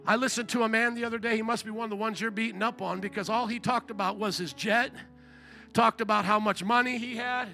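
A man preaching a sermon as pastor, impassioned and building to shouts. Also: high-pitched, steady tone, a little fast, creaky, faint music behind.

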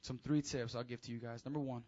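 A man preaching a casual, high-energy sermon to teenagers as youth pastor, with call-and-response. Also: steady tone, fast talker, a little mellow, highs cut off.

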